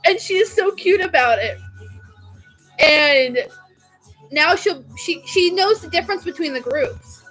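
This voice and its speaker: High-voiced chatty young woman. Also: expressive, takes it slowly, pauses often, a bit bright, soft background music, rough recording. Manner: chatty, gushing, laughs often. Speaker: vlogger. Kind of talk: casual chat.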